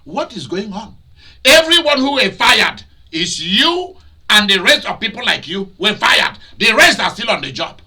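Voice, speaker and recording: A man preaching a sermon as pastor, shifting between loud shouted outbursts and quieter storytelling, with laughs between points. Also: high voice, big pitch swings, measured pace, slightly rough. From Nigeria.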